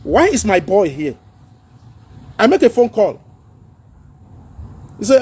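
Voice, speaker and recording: Man, Nigerian accent, middle-aged, livestream host, preachy and earnest, mixes in pidgin, raspy, high pitched. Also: lively intonation, moderate pace, long pauses, a little mellow. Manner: earnest, preachy, mixing pidgin, laughs at his own jokes. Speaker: social media livestream host. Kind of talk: casual political talk livestream.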